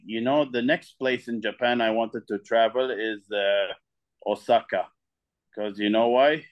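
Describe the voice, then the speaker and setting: A man's voice: medium pitch, steady tone, measured pace, dull audio. A man from the UAE answering interview questions eagerly, often restarting his sentences. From United Arab Emirates. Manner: eager, with frequent restarts and repeats. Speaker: guest artist. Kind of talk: casual interview talk.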